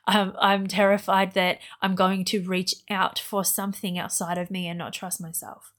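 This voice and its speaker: A woman's voice: medium pitch, level tone, normal speed, a bit bright. Earnest rambling woman on a podcast. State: pregnant. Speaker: podcast co-host. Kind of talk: casual chat.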